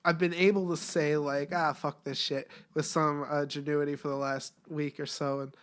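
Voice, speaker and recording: A man's voice: on the high side, flat delivery, moderate pace, a bit bright, clear, resonant tone. A man chatting as a guest on a casual podcast, blunt and laid-back, swearing freely.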